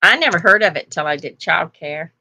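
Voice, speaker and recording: A woman's voice: lowish voice, lively intonation, a little fast, bright, forceful tone. An older woman hosting a casual live chat, rambling through stories and laughing often. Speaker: host.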